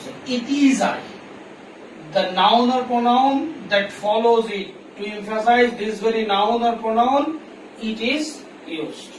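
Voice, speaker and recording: Bangladeshi male English teacher, high-pitched, distant mic with faint background hum. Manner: explains slowly, repeats examples, switches into Bengali. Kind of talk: classroom grammar lesson. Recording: echoey room from far off, faint noise.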